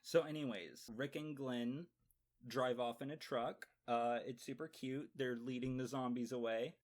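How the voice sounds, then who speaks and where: A man's voice: medium pitch, fairly even intonation, a little slow. A man giving a casual, campy and sarcastic recap of a TV episode, swearing freely. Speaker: TV show reviewer.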